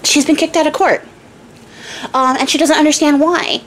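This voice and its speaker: A woman's voice: high-pitched, steady tone, normal speed, a bit bright, low-quality recording. Young woman telling a fairy tale super casually, jokes and ums everywhere, faint hum behind. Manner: chatty, jokey asides, frequent fillers. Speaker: storyteller and craft channel host.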